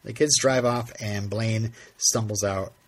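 Man, podcast host, casual rambling recap, husky, laughs often. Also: fairly low pitch, steady tone, unhurried.

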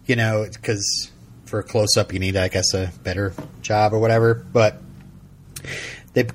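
Excitable middle-aged man telling a story. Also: on the low side, unhurried, slight background noise. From Vermont. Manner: animated, laughs often, acts out quotes. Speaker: podcast co-host. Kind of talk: casual chat, storytelling.

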